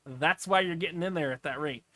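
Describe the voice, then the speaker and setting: A man's voice: on the high side, a little fast, sharp tone, no room sound. A man giving casual, off-the-cuff commentary as he clicks through travel listings, rambling with asides. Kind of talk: casual screen-share commentary.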